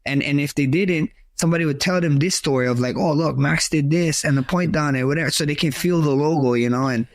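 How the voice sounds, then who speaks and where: A man's voice: on the high side, fairly quick, hardly any pauses, no room sound, studio quality. A man talking casually as a guest on a podcast, acting out quotes and saying "bro" and "like" all the time. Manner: animated storyteller, acts out quotes; says "bro" and "like" often. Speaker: guest fighter.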